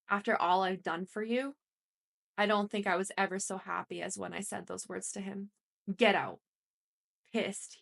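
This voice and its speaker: A woman reads a first-person story aloud as an audiobook narrator. Her delivery is plain and steady, and she voices quoted lines only lightly. Her voice sits at a middle pitch. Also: vocal fry.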